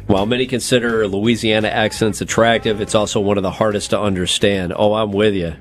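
A man's voice: on the low side, fairly even intonation, fairly quick, faint music behind. A man co-hosting a comedy podcast, reading survey results aloud and joking around. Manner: jokey, reads out survey results, breaks into silly voices and laughs. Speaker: podcast co-host. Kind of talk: casual comedic podcast chat.

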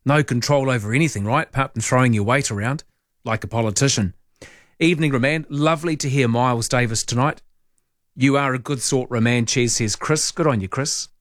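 Wry Italian-accented radio host. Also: male voice, mid-range voice, fairly quick, no echo. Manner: dry, wry asides. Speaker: radio talk show host. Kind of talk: late-night talk radio, reading listener texts. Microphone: studio microphone.

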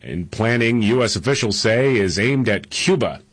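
A man co-hosting a radio talk show, going through news items in a relaxed, chatty way. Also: lowish voice, normal speed, slightly rough.

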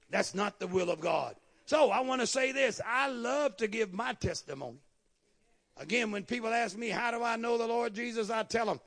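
High gravelly preacher guy, fired up, calling out to the church, lots of call and response. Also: a bit bright. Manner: fervent call-and-response preaching, quick asides. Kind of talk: sermon. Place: church service.

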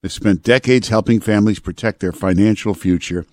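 A male radio talk show host chatting casually and reading ads live in a studio, unhurried and full of filler uhs. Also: lowish voice, no room sound.

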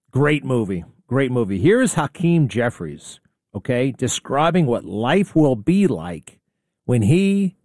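Brief: male radio host, mellow dark tone, dry close studio mic, opinionated and rambling. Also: medium pitch, no room sound. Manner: rambling, sarcastic, offhand asides. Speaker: radio talk show host. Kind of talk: opinionated talk radio commentary.

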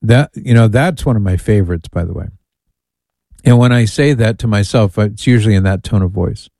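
Radio host guy, mellow voice, dry close mic, joking around reading listener emails. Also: fairly low pitch, a little fast, vocal fry, no echo. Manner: playful, reads lists aloud with amused asides. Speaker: radio call-in show host. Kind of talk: casual talk radio.

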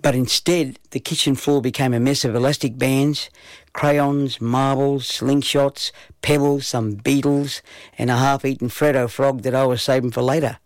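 A man telling a children's story in an unhurried storytelling manner. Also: medium pitch, level tone, no echo.

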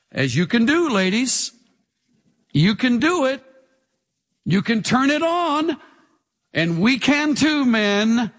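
A pastor preaches a sermon with animation, posing rhetorical questions to the congregation. His voice is high-pitched, and the sound trails off in a long reverb tail.

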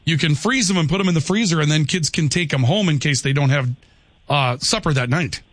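Male call-in radio host, teasing banter, slightly high voice, dry booth sound. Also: fairly bright tone, dry recording. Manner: brisk, teasing banter with callers. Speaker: radio talk show host.

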